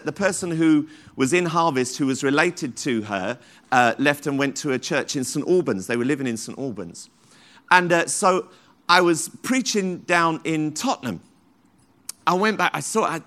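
A man's voice: fairly high pitch, sharp tone. A man preaching a sermon in church as the pastor, fervent and full of repeated praise calls. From London, England.

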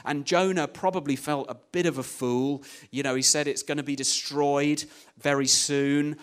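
A man's voice: on the high side, fairly even intonation, normal speed, clear, resonant tone. A man preaching a conversational sermon, retelling a story with many "you know" asides. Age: adult, young child at home.

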